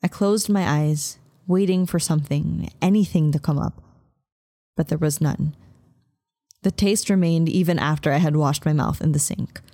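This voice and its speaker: A woman's voice: low voice, dark tone, no echo, studio quality. A woman reading a romance novel aloud as an audiobook narrator. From Philippines. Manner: measured, emotive first-person reading.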